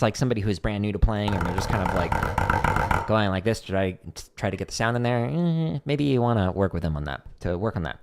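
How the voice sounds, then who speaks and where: A man's voice: lowish voice, heavy background noise. A man hosting a casual livestream drum lesson, explaining technique as he demonstrates, with frequent "like" fillers.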